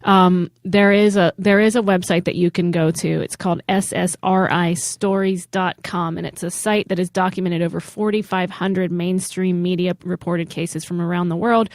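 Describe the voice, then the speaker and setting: A woman's voice: on the low side, steady tone, moderate pace, hardly any pauses, no echo, studio quality. A woman co-hosting a comedy podcast, talking conversationally and sharing what she found, with a few fillers. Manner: conversational, reports research with fillers. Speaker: podcast co-host. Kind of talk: casual chat.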